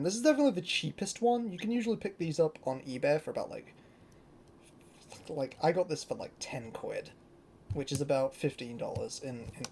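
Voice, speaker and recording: A young British collector presents toys in an informal show-and-tell, sounding excitable and rambly with frequent fillers. The voice is mid-range, and there's a little hiss or hum on the recording.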